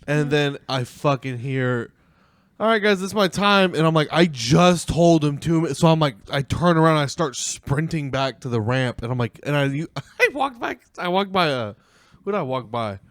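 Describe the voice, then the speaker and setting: A man's voice: a little high, moderate pace, dry recording, studio quality. A man, a comedy podcast co-host, telling a loose, profane story with lots of laughter in casual chat. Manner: animated, swearing, laughing through anecdotes.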